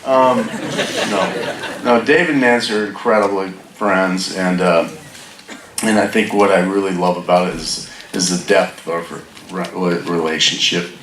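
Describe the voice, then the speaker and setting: A man, the church's pastor, introducing a guest speaker and leading a prayer, halting with many restarts. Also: deep voice, fairly even intonation, a bit bright, slight background noise. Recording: echoey church from far off.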